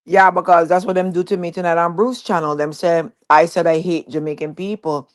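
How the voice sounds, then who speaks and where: A woman's voice: fairly low pitch, level tone, a little fast, dry recording, studio quality. Indignant woman in casual chat. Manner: indignant, defensive.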